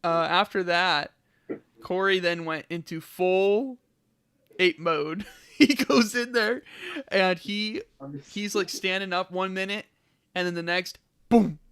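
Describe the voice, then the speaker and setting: Young male podcast co-host, high bright voice, animated retelling with lots of laughter. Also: takes it slowly, clean tone. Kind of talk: casual storytelling chat. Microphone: podcast mic.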